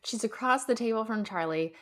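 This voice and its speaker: A woman in her late twenties chats casually as a podcast co-host. She talks with animated energy, swears freely and slips into quick voices for the characters she retells. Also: fairly high pitch. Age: 20s. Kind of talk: casual recap chat.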